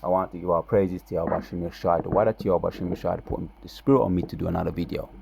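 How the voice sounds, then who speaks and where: A man giving casual religious commentary, reading scripture aloud with loud, drawn-out emphasis between relaxed, slangy asides. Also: low voice, gravelly, noisy background. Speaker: religious video preacher.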